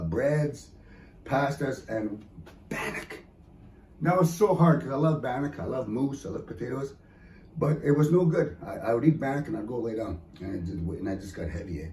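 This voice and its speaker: A man's voice: medium pitch, mellow, slight background noise. A man doing a joking stand-up comedy set in an event hall, often slipping into teasing mock voices. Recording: echoey room heard from a distance.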